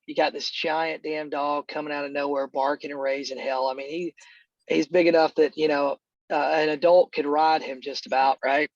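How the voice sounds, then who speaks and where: A man's voice: fairly high pitch, dry recording, muffled recording. A middle-aged man, a real estate agent, telling a story in casual talk on a call, rambling and full of fillers like "dude" and "man".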